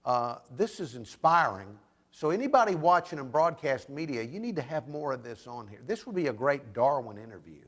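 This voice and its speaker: A man's voice: mid-range voice, very animated, brisk, fairly bright tone. A man hosting a comedic talk show interview, joking and emphatic.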